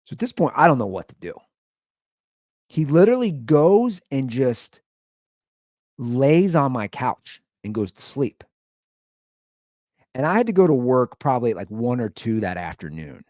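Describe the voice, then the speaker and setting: A man's voice: medium pitch, very animated, measured pace, long pauses, darkish tone, dry recording, studio quality. A man hosting a comedy podcast, telling a story and acting out both sides of the argument.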